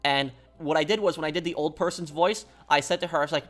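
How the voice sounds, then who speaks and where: A man's voice: a little high, fast, hardly any pauses, fairly bright tone. A man streaming a game and chatting casually with his viewers, rambling and repeating himself as he tells a story. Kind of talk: casual live-stream chat while gaming.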